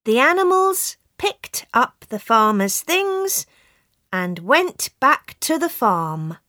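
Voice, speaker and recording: Woman narrator for a learners' storybook, extremely slow and clear, lively rise and fall, dry booth sound. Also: high-pitched, no echo. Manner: very slow, clear, expressive reading.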